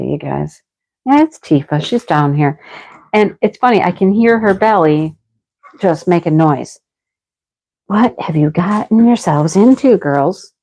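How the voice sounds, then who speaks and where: Slow-talking, chatty woman livestreaming. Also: deep voice, dark tone, poor audio. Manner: chatty, talks to her dogs and reads out viewer names. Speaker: livestream host. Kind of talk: casual livestream chat.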